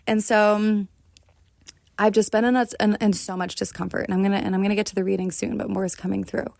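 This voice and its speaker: A woman's voice: mid-range voice, flat delivery, fast, creaky, a little mellow, no room sound, clean studio sound. A woman hosting a solo podcast, talking in an earnest, confessional way and often checking in with "right?". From United States. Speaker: podcast host. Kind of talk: reflective solo podcast talk.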